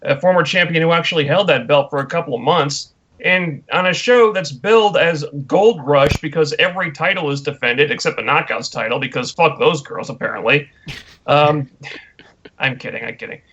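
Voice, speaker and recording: Podcast guy ranting in disbelief, kinda high voice, muffled lo-fi sound. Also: normal speed, fairly bright tone, a little hiss or hum. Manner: incredulous, mocking rant. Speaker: podcast co-host. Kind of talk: casual wrestling chat. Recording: dull lo-fi audio.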